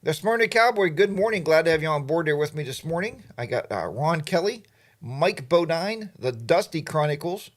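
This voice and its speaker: With a slightly high, expressive voice at normal speed, this middle-aged Pennsylvania host chats casually on a livestream. He keeps it playful and says hello to viewers by name.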